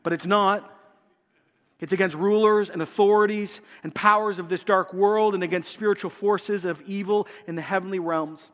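A pastor, preaching a sermon in a church and speaking earnestly and directly to the congregation. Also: male voice, high-pitched, steady tone, fairly quick, few pauses, a bit bright, in a large hall. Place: church sanctuary.

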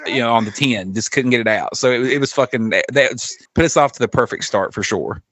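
A man from Kentucky co-hosting a podcast, telling stories in casual chat, animated, swearing freely and laughing often. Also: mid-range voice, brisk, dry recording. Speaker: podcast co-host.

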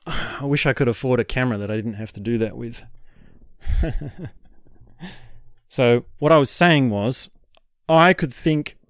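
A man's voice: mid-range voice, dry recording, studio quality. Man talking to his camera, rambling. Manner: reflective, rambling, animated, frequent "right?" asides. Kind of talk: casual vlog monologue to camera. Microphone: camera mic.

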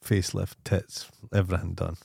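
A man's voice: low voice, level tone, brisk, creaky, darkish tone, husky, no echo, clean studio sound. A Scottish man co-hosting a podcast, telling crude stories in a blunt, sweary way. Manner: blunt, sweary, jokey storyteller. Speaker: podcast co-host. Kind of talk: crude casual chat.

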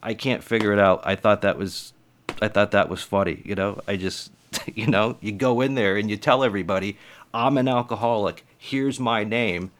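A man's voice: on the low side, a little fast. A man who does stand-up comedy, talking casually and rambling to his viewers, with lots of swearing. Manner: rambling, profane, chatty.

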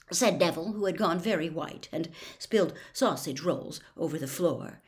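A woman reading a novel aloud as a storyteller, expressive and quick, sometimes dropping to a whisper. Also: on the low side.

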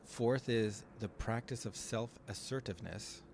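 A man co-hosting a casual podcast, thoughtfully explaining ideas step by step with small pauses and fillers. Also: medium pitch, darkish tone, slight background noise. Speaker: podcast co-host.

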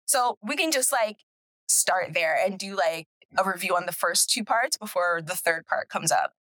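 A woman co-hosting a casual podcast chat, chatty and quick to laugh, often trailing off mid-thought. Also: fairly low pitch, animated, pushed and bright, no echo. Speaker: podcast co-host.

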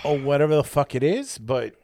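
A man's voice: a little high, sing-song, a little fast, mellow, no echo, clean studio sound. A man co-hosting a podcast in casual chat, talking crude and profane in a rambling way. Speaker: podcast co-host.

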